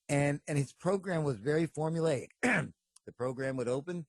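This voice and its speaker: Man, podcast co-host. Animated storyteller who laughs a lot, slightly high voice, dry close sound. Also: normal speed, no echo. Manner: animated, laughs often, breaks into impressions. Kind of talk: casual storytelling chat.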